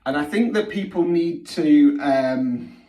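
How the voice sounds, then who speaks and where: A man's voice: a little high, takes it slowly, mellow, far from the mic. A middle-aged man, giving a blunt, sweary spiritual healing talk that he keeps punctuating with "okay?". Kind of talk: blunt direct-to-camera monologue. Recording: roomy sound from off the mic.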